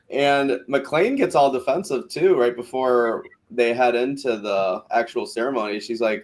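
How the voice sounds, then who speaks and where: A man's voice: mid-range voice, a little slow. A man hosting a podcast recap of a reality show, chatting casually, swearing freely and acting out quotes from the cast. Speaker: podcast host. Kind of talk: casual chat.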